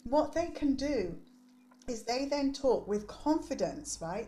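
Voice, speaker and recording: With a warm, expressive, fairly high voice at a moderate pace, a woman in her forties talks as a podcast guest about her youth development work with teenagers. Her animated interview manner is emphatic and preachy, and "right?" often closes her points.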